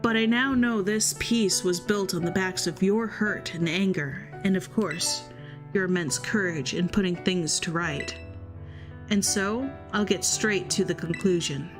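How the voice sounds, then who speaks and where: A woman voicing a formal middle-aged male academy director who speaks with measured, courteous politeness. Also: fairly low pitch, music in the background, pitched below the performer's own voice, close to an everyday voice. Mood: solemn.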